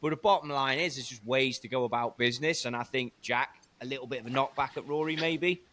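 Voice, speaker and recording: Guy hosting a podcast, bright punchy voice, cheeky and animated. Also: medium pitch, fast talker. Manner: playful, animated, slangy. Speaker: podcast host. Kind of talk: casual podcast banter.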